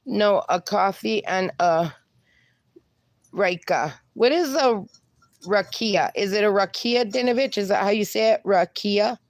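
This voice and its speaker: A woman's voice: mid-range voice, normal speed, no echo. Lady chatting on her live stream, reading comments out, dry close sound. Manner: chatty, affectionate, calls viewers darling. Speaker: livestream host. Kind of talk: casual live-stream chat, reading viewer comments aloud.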